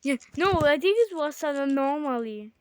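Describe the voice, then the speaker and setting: A woman in casual gaming chat with her sibling, excitable and bickering with quick exclamations. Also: sits high. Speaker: gamer.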